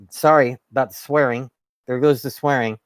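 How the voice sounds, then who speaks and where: A man's voice: medium pitch, steady tone, measured pace, smooth, no echo, clean studio sound. A man hosting his own show, ranting in a fired-up, sarcastic way and swearing. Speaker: host. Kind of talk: ranting monologue.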